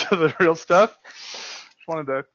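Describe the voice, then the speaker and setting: A man's voice: fairly high pitch, takes it slowly, highs cut off, heavy background noise. A man in tech marketing presenting on a casual panel, joking and playful.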